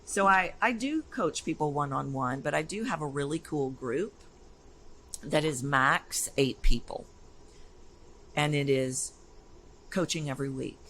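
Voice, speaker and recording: Heard in poor audio with slight background noise, a low-voiced woman speaks at a measured pace and pauses often. She's a voice coach being interviewed casually, and her storytelling is energetic, emphatic, and animated.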